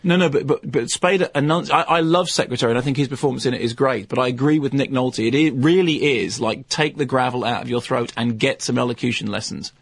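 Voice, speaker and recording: A man co-hosting a radio film show, talking in a rambling, self-correcting, animated way. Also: medium pitch, fast, vocal fry, hardly any pauses, husky, no room sound. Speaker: film critic co-host. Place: radio studio.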